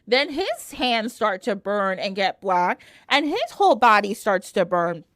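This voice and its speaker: Animated woman retelling a myth. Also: mid-range voice, a little slow, no room sound, studio quality. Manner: animated, heavy use of "like". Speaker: podcast guest. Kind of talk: casual storytelling.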